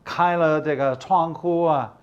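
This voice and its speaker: Brief: older man, slow patient English teacher, slightly high voice, dull lo-fi recording. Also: fairly even intonation, smooth. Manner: slow, patient, explains words, checks with "okay?". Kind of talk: bilingual English lesson.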